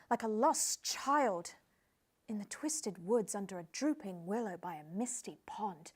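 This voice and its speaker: Woman doing a prim british lady playing outback adventurer, calm and earnest, high-ish voice, piles on fancy metaphors. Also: close to an everyday voice. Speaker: guest.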